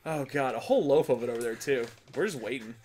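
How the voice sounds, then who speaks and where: A man hosting a casual gaming video, narrating his play with frequent swearing, laughter and frustrated shouts. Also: mid-range voice, expressive, fast, slight background noise. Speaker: gaming channel host. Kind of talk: casual let's-play commentary.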